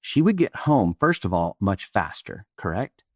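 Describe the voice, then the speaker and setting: Middle-aged male coach from Texas, animated storyteller with a deep, dry voice. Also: moderate pace, no room sound. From Austin, Texas. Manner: animated, acts out dialogue. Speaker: guest, presentation coach. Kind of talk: storytelling in interview.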